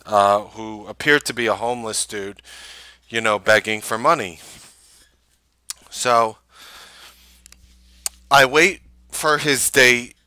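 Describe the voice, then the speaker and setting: A man's voice: fairly low pitch, clean tone, no room sound. A man, hosting a show and telling a casual, rambling anecdote full of fillers. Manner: rambling, filler-heavy anecdote with animated quoted voices. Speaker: show host. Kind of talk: casual storytelling. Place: Manhattan.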